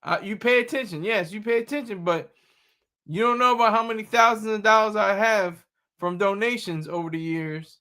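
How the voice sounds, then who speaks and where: A man's voice: high-pitched, normal speed, sharp tone. A man streaming live, talking back to chat and news clips in a mocking, combative way. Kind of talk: casual live-stream commentary.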